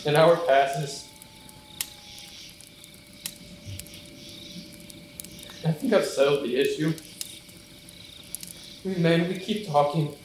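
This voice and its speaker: Guy playing haunted apostle peter in a church play, earnest monologue, booming echo, faint hiss. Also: a little slow, a little mellow, natural voice. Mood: uneasy. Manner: earnest first-person storytelling, rising to anguished outbursts. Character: remorseful apostle Peter, grown man, haunted by denial. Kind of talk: stage monologue. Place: church stage. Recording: echoey church hall, mic far off.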